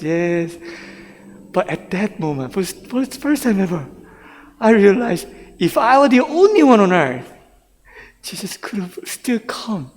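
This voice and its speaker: This middle-aged pastor, who grew up in Brooklyn, New York, gives a bilingual testimony sermon in English and Korean, occasionally laughing as he tells his story. His voice sits high and is a little mellow, echoing with the long reverb of a church sanctuary.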